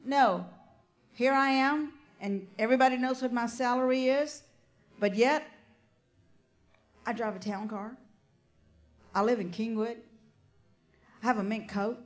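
An older woman preaches, her voice sitting a little high for a woman. She speaks fervently, tosses in amens and hallelujahs, and drifts into personal stories. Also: a little slow, pauses often. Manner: personal storytelling with asides. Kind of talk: sermon.

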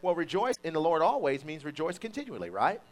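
Animated preacher man, lively and high. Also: brisk. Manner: animated preaching with call-and-response and mock quotes. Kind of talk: sermon.

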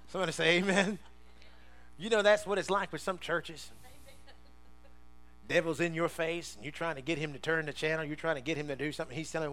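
Playful and ready to laugh, this male pastor keeps prompting "somebody say" as he draws the congregation into call-and-response. His clear, resonant voice alternates between shouts and quiet, intense stretches.

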